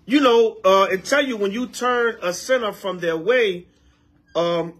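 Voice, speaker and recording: A man, an elder, preaching to a congregation in a casual, animated way, trading call-and-response with the group and repeating lines for emphasis. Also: high-pitched, unhurried.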